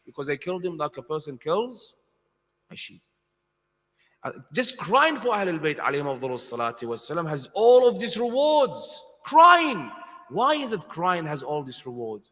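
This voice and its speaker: A man giving an impassioned sermon at a mourning gathering, swinging from soft to loud and putting questions to his audience. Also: a little high, very animated, moderate pace. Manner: asks the audience questions directly. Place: large hall with congregation. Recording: long hall reverb.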